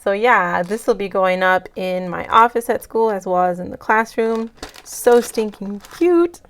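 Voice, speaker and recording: Teary woman gushing over happy mail, smooth clear voice, casual vlog. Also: medium pitch, unhurried. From United States. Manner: gushing, emotional, grateful. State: near tears. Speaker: budget vlogger.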